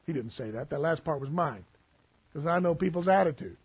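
A man's voice: high-pitched, expressive, brisk, husky, dull audio. A man preaching a sermon as pastor, folksy and full of asides and humor.

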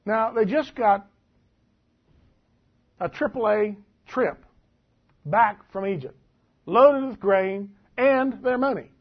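High husky-voiced preacher man. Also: slow, long pauses. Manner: folksy, animated, laughs at the text. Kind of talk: sermon, reading and commenting on scripture. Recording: dull lo-fi recording.

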